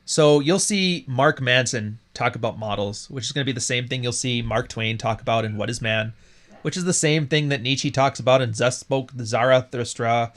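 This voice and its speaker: Male podcast host, mid-pitched voice, blunt and profane, quick to laugh. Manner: blunt and profane, laughing at his own jokes. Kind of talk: casual livestream talk.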